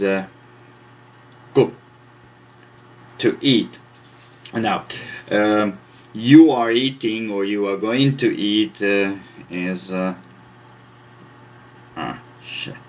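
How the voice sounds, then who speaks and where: Slow, halting man explaining at a board. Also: sits low, creaky, slight background noise. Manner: hesitant, many fillers, self-deprecating asides. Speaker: language teacher. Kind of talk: informal explanatory lesson.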